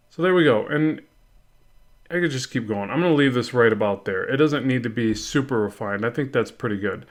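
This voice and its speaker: A man narrates a drawing lesson in an easygoing, conversational way. He thinks aloud as he works, second-guesses himself and corrects course as he goes. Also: mid-range voice. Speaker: art instructor. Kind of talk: casual drawing tutorial narration.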